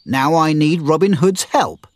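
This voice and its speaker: A man's voice: on the high side, expressive, a little slow, no room sound, studio quality, pitched above the performer's own voice. A man voicing a proud, tough young swordsman who talks in a blunt, defiant way.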